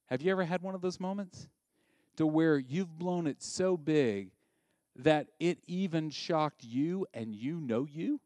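A male pastor giving a sermon, animated and conversational, asking the listeners direct questions. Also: fairly high pitch, no room sound.

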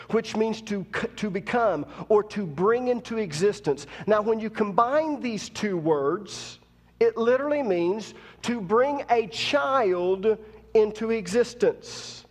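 A man's voice: high voice, big-room sound. A man preaching a sermon as pastor, talking conversationally while teaching and rising to emphatic preaching. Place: church.

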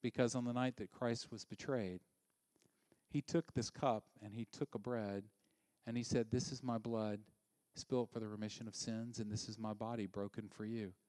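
A male pastor preaching a sermon. He is animated and sometimes drops to a hushed near-whisper for emphasis. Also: on the low side, normal speed, no echo.

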